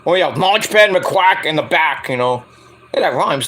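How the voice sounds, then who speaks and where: A man's voice: on the high side, animated, moderate pace, fairly bright tone. A man giving a rambling, joking casual livestream review of a wrestling show.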